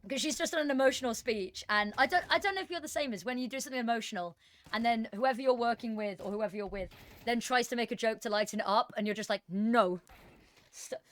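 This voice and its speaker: A woman's voice: on the high side, fast, fairly bright tone. A woman casting an esports match on a headset, chatting casually and telling self-deprecating stories. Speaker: esports caster. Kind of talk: casual co-caster chat.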